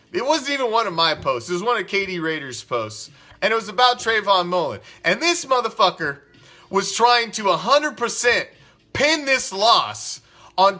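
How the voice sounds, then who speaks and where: A man's voice: high voice, pushed and bright. A man hosting a fan show, ranting in a heated, profane, rambling way. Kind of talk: casual ranting commentary.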